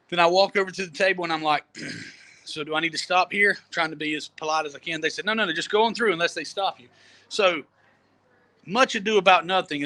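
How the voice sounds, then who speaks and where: A man with a high, bright voice tells a long travel story in a loose, chatty way. He laughs easily and often repeats words as he goes. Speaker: storyteller guest. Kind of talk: casual storytelling. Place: Jamaica.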